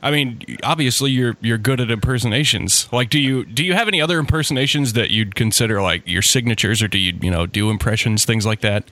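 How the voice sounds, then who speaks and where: A man hosting a podcast, asking loose, rambling questions in relaxed conversation. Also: medium pitch, fast, few pauses, no room sound. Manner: relaxed, asks rambling questions with many fillers. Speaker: podcast host. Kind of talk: casual interview chat.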